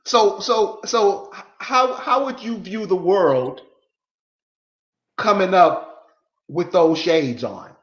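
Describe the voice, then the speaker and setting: A man's voice: high-pitched, lively intonation, slow pace, pauses often, fairly bright tone. A man hosting a casual interview, hesitant and repeating words before asking his questions. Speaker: host. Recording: echoey, dull lo-fi audio.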